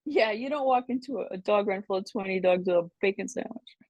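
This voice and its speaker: An older woman tells casual stories from years past in an animated, chatty way. She laughs easily and slips into other people's voices when she quotes them. Her voice sits at a middling pitch, and the recording is dry and close. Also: fast talker, dry recording, lo-fi sound. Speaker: podcast guest. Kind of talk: casual storytelling. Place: New York City.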